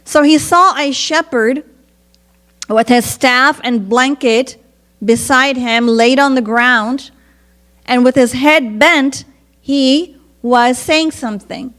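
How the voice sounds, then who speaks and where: A woman preacher telling a devotional story in an earnest, measured sermon. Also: high voice, a bit bright.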